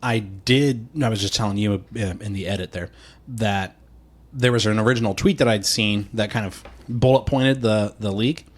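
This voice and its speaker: Male podcast co-host, lower voice, relaxed chatter with frequent laughs. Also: normal speed. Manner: laughs often, acts out quotes in put-on voices. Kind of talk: casual chat.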